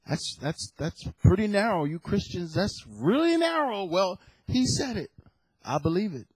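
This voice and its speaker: A man preaching a sermon, moving from a hushed prayer and scripture reading to fervent, shouted declarations. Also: fairly high pitch, big pitch swings, moderate pace, breathy edge, no room sound, low-quality recording. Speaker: pastor.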